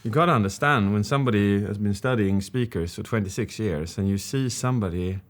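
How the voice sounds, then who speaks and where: A man's voice: lowish voice, a little fast. A man who analyses public speaking, co-hosting a reaction video. He talks in an earnest, reflective way and is openly moved. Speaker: public speaking expert, co-host.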